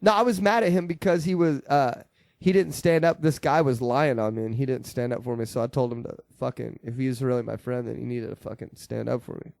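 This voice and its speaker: A man's voice: medium pitch, brisk, gravelly, a little mellow, dry recording. Profane, laughing man telling stories. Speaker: podcast host. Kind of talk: casual podcast chat.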